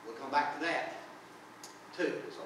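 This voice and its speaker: A man preaching a sermon as pastor, earnest and unhurried, breaking into short prayers and reading scripture aloud. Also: on the high side, background noise. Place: church sanctuary. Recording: echoey church from far off.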